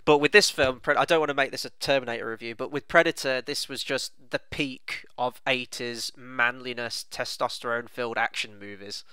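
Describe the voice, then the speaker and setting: A man's voice: mid-range voice, steady tone, fairly quick, few pauses, sharp tone, clean tone, dry recording. A man co-hosting a casual film review, chatting enthusiastically with plenty of "you know" fillers.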